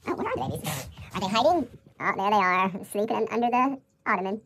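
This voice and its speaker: A woman's voice: mid-range voice, lively intonation, fast, a bit bright, breathy edge. A woman filming her cats at home, cooing at them in repetitive baby talk. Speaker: cat owner filming her pets. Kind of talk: casual home video, baby talk to pets.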